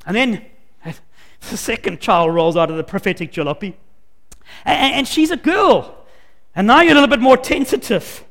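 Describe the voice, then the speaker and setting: A man preaching a sermon, telling the story in an animated and emphatic way and acting out the scenes. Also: sits high, moderate pace. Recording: long hall reverb.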